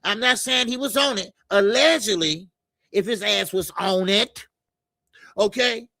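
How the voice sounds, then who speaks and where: Gravelly, high-voiced man hosting a boxing stream. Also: measured pace, pushed and bright, no echo. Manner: loose and profane, lots of filler stammers. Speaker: boxing show host. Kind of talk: casual live-stream chat reading comments.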